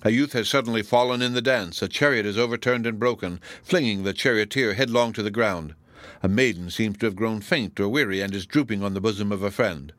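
Male audiobook narrator, deep-ish voice, measured formal delivery, dry booth sound. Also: a bit bright, no echo. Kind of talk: scripted narration of a classic novel.

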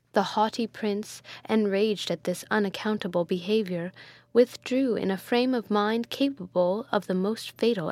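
A woman reading a gothic novel aloud in a measured, dramatic storytelling manner. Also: mid-range voice, a little mellow, no room sound.

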